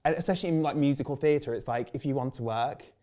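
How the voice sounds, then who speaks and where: A man's voice: mid-range voice, fast talker. Man, 30s, Birmingham accent, chatty storyteller, acts out quotes, lots of "like". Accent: Birmingham English. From England. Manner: animated, acts out quoted voices, many "like" fillers. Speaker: guest, drag performer. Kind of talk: casual storytelling interview.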